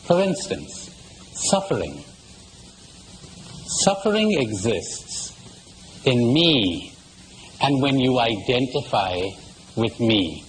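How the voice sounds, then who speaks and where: A man delivers a spiritual lecture, his pitch rising and falling widely as he poses rhetorical questions and tells jokes. He speaks at an unhurried, deliberate pace. A faint hiss of background noise runs under the recording. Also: sing-song, rough recording. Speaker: retreat speaker. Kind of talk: spiritual lecture to a live audience.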